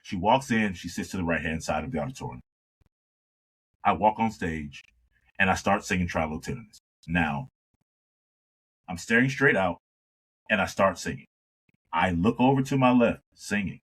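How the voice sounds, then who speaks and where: Deep husky-voiced man telling stories. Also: normal speed, pauses often, rough recording. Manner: animated storyteller who acts out dialogue. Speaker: singer, interview guest. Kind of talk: storytelling in a conversation.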